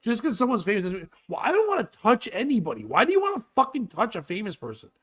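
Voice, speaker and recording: High-voiced man ranting profanely. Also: quick pace, breathy edge. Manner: profane, loud, animated ranting. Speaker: podcast host. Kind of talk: crude comedic rant.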